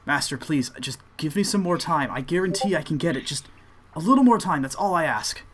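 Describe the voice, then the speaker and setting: A man's voice: fairly high pitch, lively intonation, fairly quick, a bit bright, a little hiss or hum. A man voicing a young male apprentice monk, exhausted and pleading. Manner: pleading and breathless.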